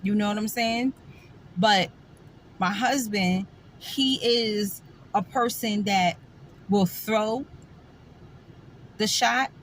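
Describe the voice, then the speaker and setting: A woman's voice: mid-range voice, slow pace, pauses often, fairly bright tone, a little hiss or hum, low-quality recording. A middle-aged woman, talking bluntly and sassily to camera in a casual vlog, with wry laughs. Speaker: vlogger.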